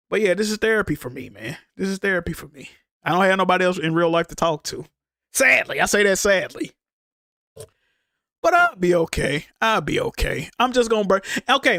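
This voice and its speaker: A man's voice: extremely high pitch, a bit bright, no echo, clean studio sound. A grieving man livestreaming, venting emotionally to his chat in rambling, profane casual talk.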